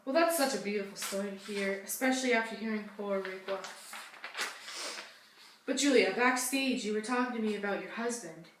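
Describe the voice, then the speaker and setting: A woman's voice: mid-range voice, fairly quick, far from the mic, lightly acted. Young woman as a talk-show hostess, gushing, sympathetic, echoey room, faint background hum. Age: young adult. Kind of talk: school-project talk-show role-play.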